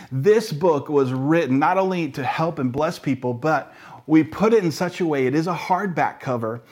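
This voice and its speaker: A man preaching a sermon as pastor, earnest and emphatic, with frequent restarts. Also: on the high side.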